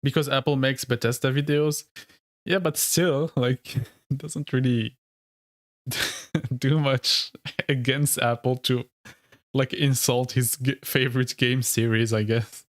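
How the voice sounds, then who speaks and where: A man's voice: mid-range voice, fairly even intonation, slow pace, no room sound, studio quality. A man streaming live and chatting casually with viewers, rambling and laughing, with many fillers. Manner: rambling, heavy use of "like", frequent laughs. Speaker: streamer and lore video creator.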